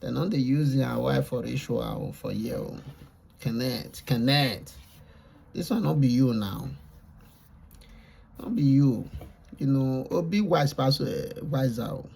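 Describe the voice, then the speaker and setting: A man's voice: medium pitch, measured pace, creaky, pauses often, mellow, breathy edge. A Nigerian man giving casual reaction commentary, lecturing and repetitive, mixing Pidgin with English. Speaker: reaction vlogger.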